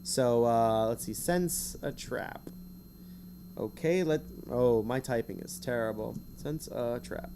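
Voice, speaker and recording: A man's voice: mid-range voice, noisy background. A man streaming, reading a gamebook aloud in a casual way, with rambling, self-mocking asides between passages. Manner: chatty, rambling asides, quick to laugh at himself.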